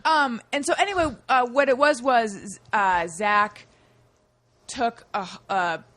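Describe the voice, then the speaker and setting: A woman's voice: a little high, slow pace, a bit bright, dry recording. A woman guest on a comedy podcast, chatting casually and thinking aloud.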